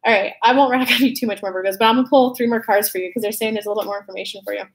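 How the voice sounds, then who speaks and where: A woman's voice: medium pitch, steady tone, very fast, husky. A young woman from California giving a casual, chatty horoscope card reading in an upbeat way. She laughs easily at her own slips. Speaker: intuitive card reader.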